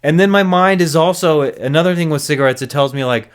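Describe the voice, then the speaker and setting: A man's voice: on the high side, brisk. A man hosting a solo recovery podcast, talking earnestly and reflectively with frequent restarts.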